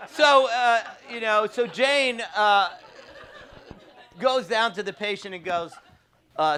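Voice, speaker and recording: A man's voice: sits high, takes it slowly, long pauses, slight background noise. A man, telling a story casually with many fillers and laughs. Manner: animated anecdote with frequent fillers and laughs. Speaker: trauma surgeon guest.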